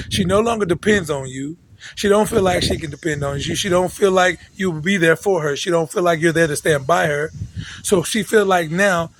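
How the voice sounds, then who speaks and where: A man's voice: a little high, low-quality recording. A man delivering a preachy, repetitive monologue straight to his listeners, hammering his points with restarts. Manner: repetitive, emphatic, with frequent restarts. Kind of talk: preachy direct-address monologue.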